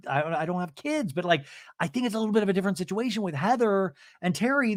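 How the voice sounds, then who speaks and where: A man's voice: high voice, dry recording, studio quality. A man hosting a podcast, chatting casually through a recap with playful asides. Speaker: podcast host.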